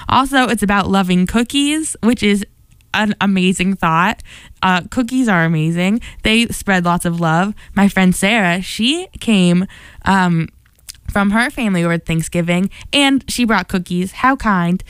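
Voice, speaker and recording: A woman's voice: medium pitch, a little slow, smooth, no room sound. A young woman hosting a radio show, chatting casually and rambling between songs in a bubbly, enthusiastic way. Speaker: radio host.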